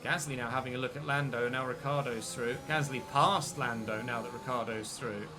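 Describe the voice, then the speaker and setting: A man streaming a racing game, commentating his race excitedly and joking with his viewers. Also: medium pitch, moderate pace, over music. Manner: excitable, jokey, talks to viewers. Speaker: gaming streamer.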